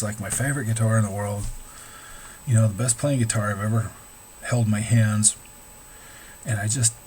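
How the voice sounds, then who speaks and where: A man's voice: on the low side, darkish tone, a little hiss or hum, rough recording. A middle-aged man, an amateur musician, talking casually and candidly, swearing freely and rambling with restarts. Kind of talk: casual talk to camera.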